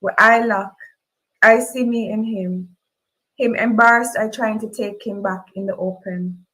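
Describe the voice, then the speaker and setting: A woman with a Jamaican accent reading a novel aloud in the first person, moving from a steady telling to high emotional cries. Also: a little slow, rough recording. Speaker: reader. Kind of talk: audiobook-style fiction reading.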